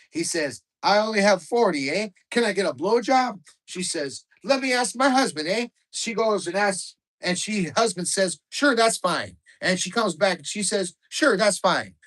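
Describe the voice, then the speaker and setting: A loud, boisterous Canadian man, put on by a male narrator, cracking dirty jokes at the far end of a hot spring with a thick Canadian accent. His voice is pushed well above a normal speaking pitch and rings out loud and brash, dotted with drawn-out "eh"s in a storybook reading. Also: heavily acted.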